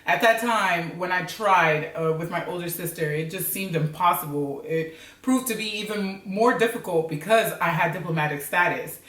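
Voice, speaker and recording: Give me an animated, slangy woman with an American accent telling a story in an echoey room. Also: on the low side, normal speed. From Africa. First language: Criollo. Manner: slangy and animated, laughs often. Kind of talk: casual storytime monologue. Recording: roomy, mic at a distance.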